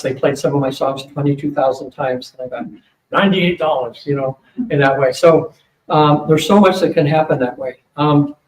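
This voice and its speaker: An older man speaking at a psychic fair, telling a long rambling story to an audience, with many fillers and quick asides. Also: mid-range voice. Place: hotel event room. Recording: roomy, distant mic with faint hum.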